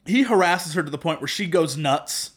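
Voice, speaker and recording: A man co-hosting a casual podcast, recapping a movie with sarcastic, animated storytelling and mock quotes. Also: on the high side, normal speed. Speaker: podcast co-host.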